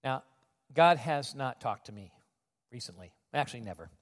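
A man preaching a sermon in a conversational, animated storytelling manner. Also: medium pitch, moderate pace. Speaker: pastor. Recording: long reverb of a large hall.

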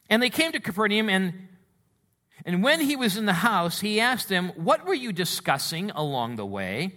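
Animated, bright-voiced man preaching. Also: on the high side. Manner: conversational, animated Bible exposition. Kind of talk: sermon.

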